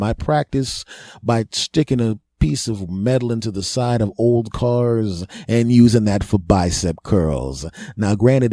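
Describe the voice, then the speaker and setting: A man's voice: fairly low pitch, mellow, dry recording. A middle-aged man hosting a podcast, telling a self-mocking comic story and laughing at his own jokes. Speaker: comedy podcast host.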